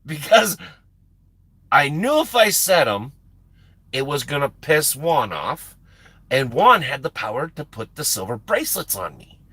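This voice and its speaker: A man's voice: on the high side, unhurried, long pauses, slightly rough, no echo. An American man, a truck driver and live-stream host, telling a story in a casual, profane way with frequent laughs. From United States. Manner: animated, profane, laughing often.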